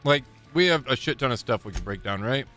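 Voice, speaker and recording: A man's voice: mid-range voice, lively intonation, a little fast, sharp tone, faint music behind. A young man streaming a video game live, joking crudely and rambling as he plays. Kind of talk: live gameplay commentary.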